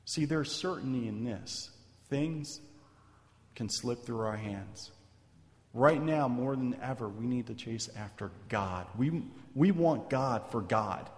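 A man's voice: mid-range voice, expressive, slow. A man preaching a sermon in a casual, conversational way, often checking in with "right?" and "man". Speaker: pastor. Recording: long hall reverb.

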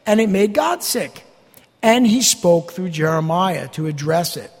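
High, lively preacher in a reverberant hall. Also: male voice, unhurried, breathy edge. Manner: folksy, emphatic preaching with mocking asides. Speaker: pastor. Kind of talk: expository sermon. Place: church sanctuary.

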